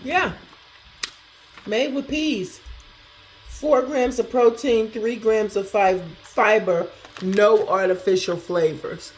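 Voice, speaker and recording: A woman casually chatting through a snack taste test, thinking out loud as she goes. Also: medium pitch, takes it slowly, long pauses, soft background music. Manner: talks to herself while tasting, animated, chatty. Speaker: food review vlogger.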